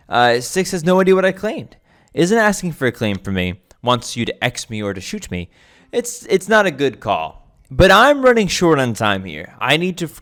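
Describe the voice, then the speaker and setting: A man's voice: medium pitch, fairly bright tone. A man giving casual commentary over his own gameplay, thinking aloud with many restarts and fillers. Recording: faint background music.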